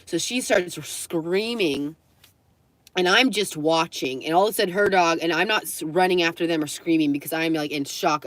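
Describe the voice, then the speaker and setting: A woman's voice: sits low, no room sound. A young adult woman telling stories casually on a live stream, laughing often and acting out the people in them. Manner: chatty, laughs often, acts out quoted voices.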